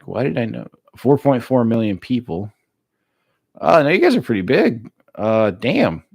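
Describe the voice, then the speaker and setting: An American man casually chatting with his live-stream viewers, relaxed and laughing easily, with plenty of filler words. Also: mid-range voice, measured pace, gravelly, breathy edge, dry recording, studio quality. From United States. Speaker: streamer reading live chat.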